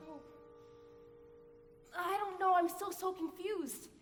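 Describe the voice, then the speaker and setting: A woman's voice: extremely high pitch, steady tone, slow pace, faint music behind. A woman playing a flustered showgirl bride. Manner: breathless, theatrical, gushing. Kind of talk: live stage musical. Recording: echoey theater hall from afar.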